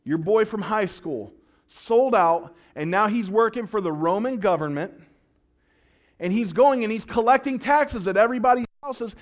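A man's voice: high-pitched, moderate pace. A male pastor preaching a sermon, telling stories with jokes and acted-out quotes. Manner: storytelling, animated and joking, with acted-out quotes.

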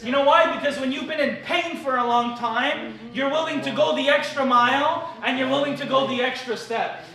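A man preaching a live sermon at a cafe meeting, telling stories and building up to shouted declarations. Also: very high voice, normal speed, creaky, very echoey, distant mic, a crowd in the background, rough recording. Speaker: pastor.

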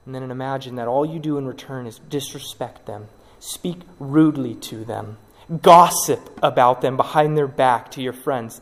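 A man preaching a sermon, dramatic, acting out the people he quotes and swinging from loud cries to hushed words. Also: medium pitch, long reverb tail. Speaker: pastor.

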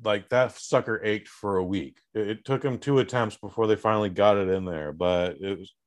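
Low-voiced joking man co-host. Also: normal speed. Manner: joking, laid-back, calls people bro and dude. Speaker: podcast co-host. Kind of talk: casual chat.

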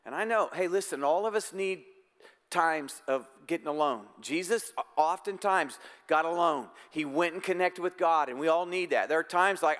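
Pastor, male, high and smooth, earnest conversational sermon, long church reverb. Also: normal speed, a bit bright. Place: church sanctuary.

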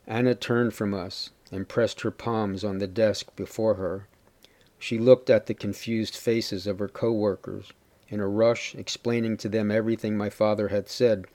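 A man giving a steady, measured first-person story reading. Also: on the low side. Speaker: reader.

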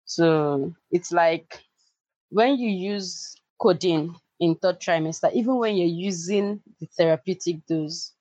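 A woman co-hosting a podcast, calmly explaining medical points to her co-host. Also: on the low side, slow pace, dry recording. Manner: sympathetic, explanatory. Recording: dry, dull lo-fi remote audio.

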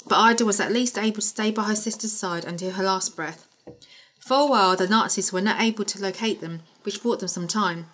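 Brief: woman, mid-pitch, reading a homemade story aloud to friends, stumbly and giggly. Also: a bit bright, slight background noise. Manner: reads with stumbles, laughs at her own writing. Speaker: reader of her own story chapter.

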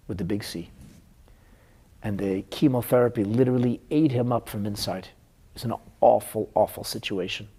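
A man's voice: fairly low pitch, darkish tone, husky. A middle-aged man teaching a Talmud class as a rabbi, telling a painful counseling story in an earnest, emotional way.

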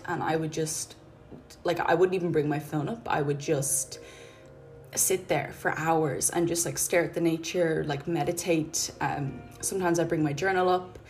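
Woman, podcast host, low voice, earnest and rambling casual monologue. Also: gravelly. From Ireland. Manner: rambling, heavy use of "like" and "um", gentle and earnest.

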